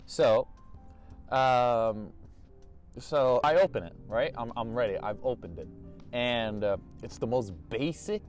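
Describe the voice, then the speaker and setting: A young man telling a storytime vlog, animated, restarting and repeating himself, laughing often. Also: mid-range voice, normal speed, soft background music. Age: young adult. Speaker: vlogger.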